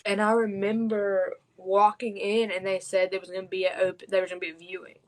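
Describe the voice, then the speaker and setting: A woman's voice: mid-range voice, little pitch movement, a little fast, poor audio. A woman, hosting a podcast and telling a personal story in a raw, blunt way, swearing heavily. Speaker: podcast host.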